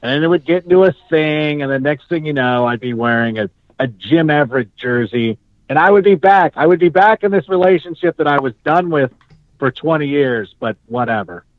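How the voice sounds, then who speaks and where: A man hosting a casual sports chat, rambling and animated, from Southern California. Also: a little high, normal speed, no room sound. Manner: animated, rambling, mocks fans in put-on voices. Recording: dull dry podcast audio.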